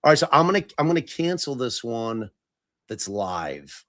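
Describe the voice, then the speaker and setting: A man's voice: mid-range voice, very animated, normal speed, a bit bright, no echo, studio quality. Self-mocking middle-aged man, casual swearing. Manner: self-mocking, swears freely, fumbles with tech. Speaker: podcast host. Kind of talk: casual live-stream chat.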